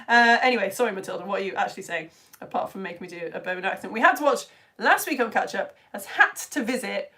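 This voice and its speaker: A woman presenting a live-streamed science lesson for home educators, chatty and excitable as she greets viewers by name. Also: medium pitch, quick pace. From United Kingdom.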